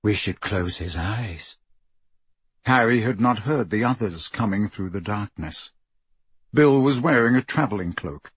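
A man reading an audiobook in a slow, measured narration. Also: fairly low pitch, breathy edge, no room sound. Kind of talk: scripted narration.

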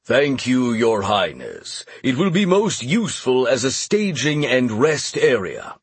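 A man's voice: medium pitch, wildly swooping pitch, a little slow, breathy edge, no echo, pitched above the performer's own voice, heavily acted. Deferential male paladin in an audiobook, polite, dry close sound, read by a male narrator.

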